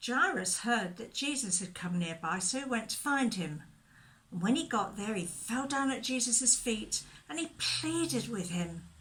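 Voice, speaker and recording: Gentle woman telling a Bible story. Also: on the high side, moderate pace. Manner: gentle, expressive, asks questions. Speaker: children's church leader. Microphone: recorded for video.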